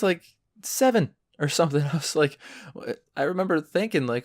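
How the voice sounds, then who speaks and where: Young adult man, podcast host, profane rant, animated voice, dry sound. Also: fairly high pitch, normal speed, no echo. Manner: profane, ranting storyteller.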